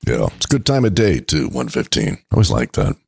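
A man's voice: a bass voice, wildly swooping pitch, a little fast, creaky, darkish tone, slightly rough, no echo, faint music behind. A man co-hosting a podcast in casual chat, laid-back, mostly dry short replies. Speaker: podcast co-host.

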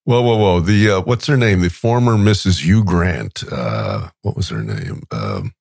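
A middle-aged man co-hosting a podcast in casual chat, swearing freely and animated. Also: deep voice, gravelly, slightly rough, no room sound, clean studio sound. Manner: profane, animated, drawn-out asides. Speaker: podcast co-host.

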